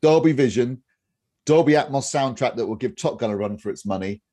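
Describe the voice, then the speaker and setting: A man with a husky voice, blunt and opinionated, chatting casually on a podcast and swearing freely. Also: medium pitch, lively intonation, brisk, dark tone. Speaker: home cinema reviewer.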